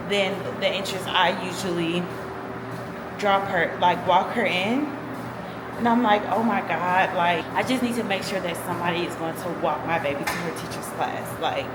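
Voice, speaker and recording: A woman's voice: lowish voice, reverberant, big-room sound, very noisy. A young woman vlogging casually from home, rambling emotionally with lots of fillers and "y'all". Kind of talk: casual vlog chat. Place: home with a fan running.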